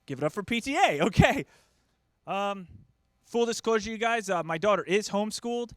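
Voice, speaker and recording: A man's voice: high voice, expressive, normal speed, no echo. A man in his thirties doing a stand-up comedy set, self-deprecating and acting out the people in his stories. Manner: self-deprecating, acts out quoted voices.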